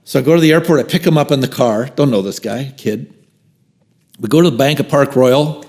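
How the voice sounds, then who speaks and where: A man's voice: medium pitch, a little fast. A man in his fifties, a podcast guest telling a personal story animatedly, acting out quotes and dropping into whispers. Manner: animated storyteller who acts out quotes and drops into whispered asides.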